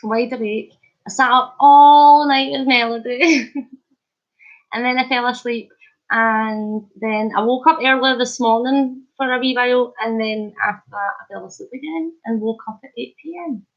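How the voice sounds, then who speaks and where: Woman vlogger, high and unhurried, giggly and hyper, casual live-stream chat, muffled stream sound. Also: fairly even intonation. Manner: chatty and giggly, laughing often. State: hyper and wide awake. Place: at home. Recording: slightly muffled lo-fi stream audio.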